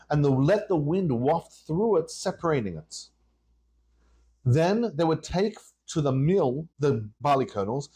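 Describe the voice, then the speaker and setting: A man, a rabbi, teaching a Torah lesson on a podcast and telling the story with lively call and response. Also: on the high side, husky.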